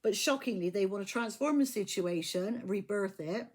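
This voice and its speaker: A woman's voice: medium pitch, moderate pace, a little mellow. A woman giving a casual tarot reading, blunt and profane, often repeating her phrases. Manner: blunt, swears freely, repeats herself. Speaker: tarot reader.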